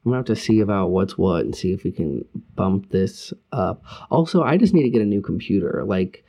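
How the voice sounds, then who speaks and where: A man co-hosting a casual online show, swearing freely and grumbling about slow tech while chatting through news. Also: deep voice, creaky. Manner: profane, animated, grumbling. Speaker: podcast co-host. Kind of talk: casual chat.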